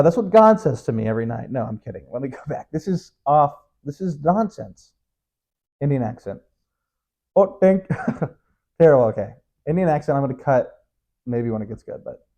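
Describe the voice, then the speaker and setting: A man's voice: a little high, warm tone. A young man hosting his own podcast alone, talking in a rambling, joking, self-mocking way. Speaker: podcast host. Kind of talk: casual solo monologue.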